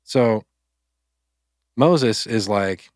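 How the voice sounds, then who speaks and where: A man co-hosting a faith podcast, casually retelling a Bible story in loose, chatty speech, with quick asides and quoted lines. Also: lowish voice, animated, no room sound, clean studio sound. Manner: loose, conversational, acts out quotes with filler words. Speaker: podcast co-host.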